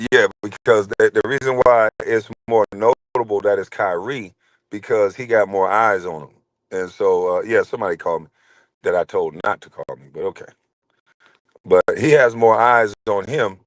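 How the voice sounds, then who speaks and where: A man in his forties gives casual commentary with a low-pitched voice. He talks bluntly and rambles, getting heated as he goes. The sound is dry and close, with no room echo. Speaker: show host.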